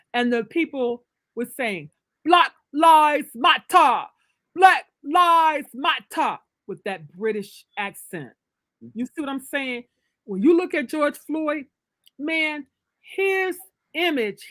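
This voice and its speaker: A woman author, appearing as a guest on a casual livestream interview, tells her story in an emphatic, preacherly way with big swings of energy. Her voice sits high and sing-song, she takes it slowly, and there's no room sound.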